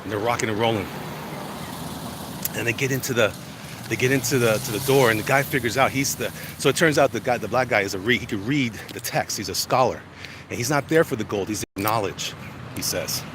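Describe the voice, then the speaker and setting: Brisk and mid-range, a man's voice rambles through an outdoor walk-and-talk as he heads down city streets, chatting and getting sidetracked easily. His chest is congested and his legs are sore, and loud traffic and street ambience dominate the recording.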